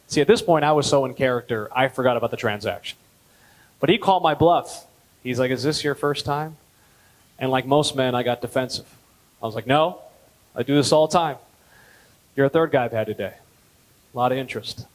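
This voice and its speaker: A man in his thirties doing a stand-up comedy set at a gala, telling stories deadpan and jumping up in pitch on punchlines. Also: fairly quick, pauses often, rough recording. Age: 30s. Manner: deadpan storytelling, with lively jumps in pitch on punchlines. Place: gala event hall.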